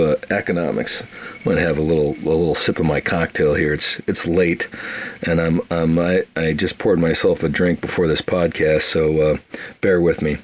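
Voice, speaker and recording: A man's voice: low voice, highs cut off. An older man from Wisconsin telling his life story in a rambling, laughing way, with plenty of restarts. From Wisconsin, USA. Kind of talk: casual storytelling.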